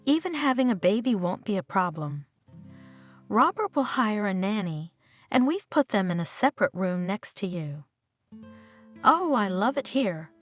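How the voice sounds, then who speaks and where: A woman's voice: medium pitch, big pitch swings, a little slow, soft background music. A woman voicing a young woman who plays an artless, chatty country girl in an audio story. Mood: eager.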